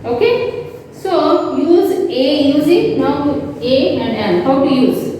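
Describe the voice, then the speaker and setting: Slow, high-voiced teacher in an echoey hall. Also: female voice, animated, background noise. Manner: slow, repetitive explaining with frequent checks. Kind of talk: online classroom lesson. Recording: echoey hall, mic at a distance.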